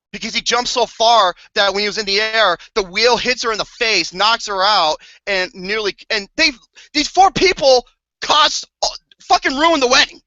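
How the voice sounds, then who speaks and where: Bright, exasperated ranting podcast reviewer. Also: medium pitch, no room sound. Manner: profane, exasperated, theatrical outbursts. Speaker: podcast co-host reviewing a movie. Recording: dull lo-fi podcast audio.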